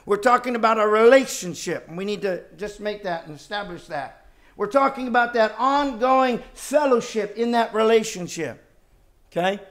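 A man with a high, lively voice delivers a sermon. He presses his points with rhetorical questions and shifts between forceful emphasis and hushed, low asides. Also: moderate pace. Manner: emphatic, rhetorical questions, swings from loud to quiet. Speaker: preacher.

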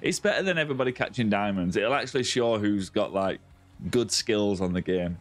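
A man's voice: on the low side, a little fast. A young man on a live game stream, chatting casually and greeting viewers by name as mate and buddy.

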